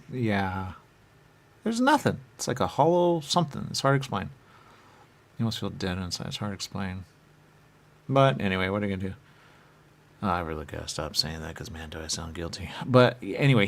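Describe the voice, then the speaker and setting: The speaker is a man narrating as a deceased spirit, using "I." His voice is creaky, and his talk meanders and stops short, drifting into fillers before jumping up to high voices for quoted lines.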